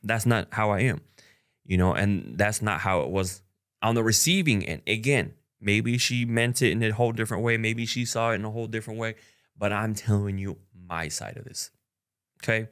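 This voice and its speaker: A man's voice: on the low side, normal speed, a bit bright, clean tone. A young man talking frankly and at length about a breakup in a casual vlog, rambling with many fillers. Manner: rambling, frank, full of "like" and "you know". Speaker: content creator. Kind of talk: candid personal vlog talk.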